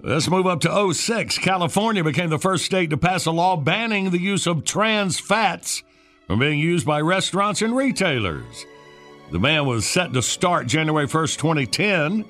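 Morning show host, male, animated announcer read, slightly high, light music bed. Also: moderate pace. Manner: lively, upbeat announcer delivery. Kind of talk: morning radio banter.

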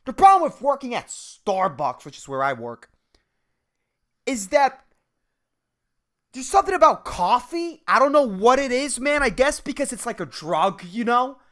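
Man, 30s, solo podcast rant: profane and rambling, and his pitch swings all over the place. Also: big pitch swings, normal speed, fairly bright tone. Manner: rambling, profane, says "dude" and "man" constantly; jumps between topics, self-mocking. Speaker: podcast host.

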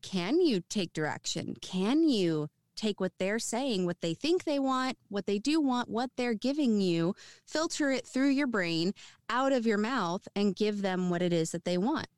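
A woman who works as a voiceover artist, talking in a relaxed interview. Her voice is smooth and resonant, recorded close and dry, and she speaks with animated expression. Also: medium pitch, unhurried, no echo. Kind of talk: casual interview chat.

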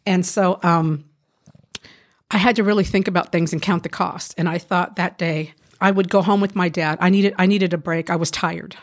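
A woman recounts her hard past in an earnest, heartfelt testimony, her voice sitting a little low. She talks haltingly, with frequent pauses and restarts as she works through painful memories. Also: fairly even intonation. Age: adult. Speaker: guest sharing her life testimony. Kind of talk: emotional personal testimony.

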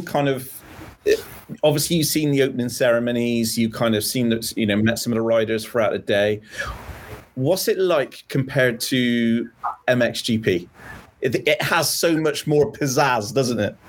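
Male show host, mid-pitched, halting, with frequent fillers. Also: slight background noise. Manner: hesitant, with many ums and uhs. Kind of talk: casual chat.

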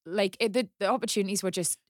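A woman's voice: medium pitch, fast talker, no echo, clean studio sound. Chatty young Geordie woman. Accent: Geordie, softened. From Northeast England. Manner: chatty, laughs often. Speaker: podcast guest. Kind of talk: casual chat.

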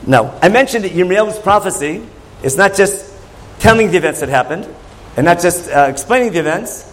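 A man teaching a Torah class with a notably high voice. He talks conversationally, throwing questions back at his listeners as he goes. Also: lively intonation, brisk, a bit bright, rough recording. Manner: questioning, conversational, asks the audience.

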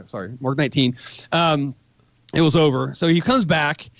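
A man's voice: on the high side, unhurried, vocal fry, a bit bright, dry recording, lo-fi sound. A man in his forties, a podcast guest, telling a rambling, profane war story in casual talk. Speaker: podcast guest, magazine editor.

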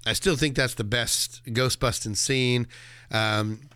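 Guy cohosting a movie podcast, smooth clear voice, dry close sound, laughs a lot. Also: medium pitch, takes it slowly, no room sound. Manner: animated, laughs often and acts out movie quotes. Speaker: podcast co-host. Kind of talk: casual movie discussion.

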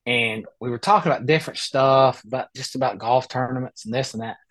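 A man who plays golf for a living, telling an animated, rambling story in a casual podcast interview on a close mic. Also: mid-range voice, a little fast, no echo. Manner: animated, rambling anecdote with many restarts. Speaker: guest, professional golfer.

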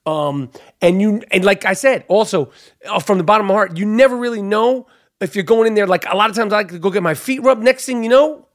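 A man hosting a podcast, ranting loudly and profanely about sports with lots of fillers. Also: high voice, brisk, no room sound, clean studio sound. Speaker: podcast host.

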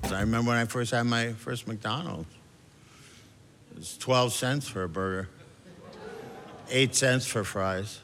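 Over loud music, a middle-aged man does a loose, self-deprecating comedy set before a live club audience, speaking a little slowly in a mid-range voice and pausing often. He is chatty and slips into shouted character voices. Audience noise is audible in the live recording.

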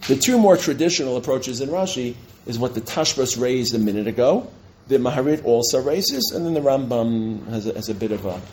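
A middle-aged man teaching a Talmud class as a rabbi, quick and digressive, often correcting himself and reading Hebrew and Aramaic sources aloud. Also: medium pitch, lively intonation, darkish tone, a little hiss or hum, rough recording. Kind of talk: lecture with questions from students.

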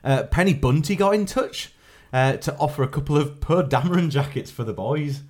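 A man co-hosting a casual podcast, chatty and reading out listener shout-outs with asides. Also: on the high side, lively intonation, moderate pace. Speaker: podcast co-host.

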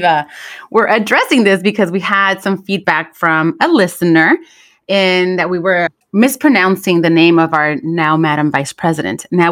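A woman's voice: lowish voice, a bit bright. A woman co-hosting a podcast in casual chat, a native Spanish speaker who laughs often while telling stories. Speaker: podcast co-host.

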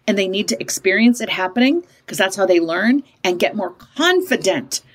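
A woman in her fifties telling parenting stories in an interview, emphatic and animated, often switching into higher voices to act out quoted parents and kids. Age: 50s. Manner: emphatic, punctuates points with "okay?". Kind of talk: conversational storytelling in an interview.

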